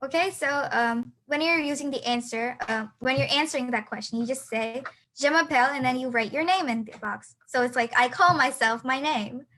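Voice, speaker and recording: A woman's voice: sits high, brisk, a bit bright, low-quality recording. A teenage girl teaching a beginner lesson over a video call, hesitant with many fillers and restarts. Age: teens. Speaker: student teacher. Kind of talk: online class lesson.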